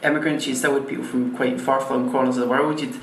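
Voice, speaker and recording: A man's voice: medium pitch, level tone, fast, fairly bright tone. A Scottish man in casual chat, rambling and restarting his sentences. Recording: echoey room with faint noise.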